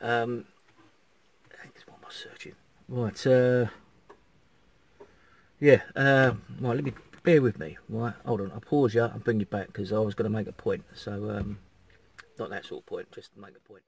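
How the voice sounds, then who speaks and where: A man's voice: fairly low pitch, steady tone, moderate pace, creaky, slightly rough. Rambling man, casual vlog. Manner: chatty, rambling, swears casually. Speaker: campervan vlogger. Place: outdoors by a campervan in the sun.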